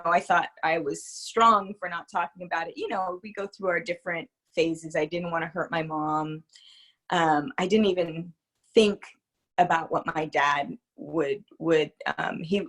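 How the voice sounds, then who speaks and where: Her voice sits low with a fairly bright tone as this woman, a spiritual psychologist, answers interview questions. She is open and reflective, hesitating and pausing often.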